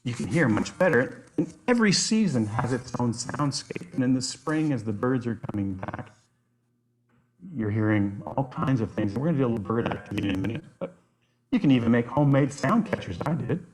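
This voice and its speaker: A man presenting an online workshop on nature activities, enthusiastic and given to animated storytelling. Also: mid-range voice, fairly quick, a crowd in the background. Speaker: outdoor educator, workshop presenter.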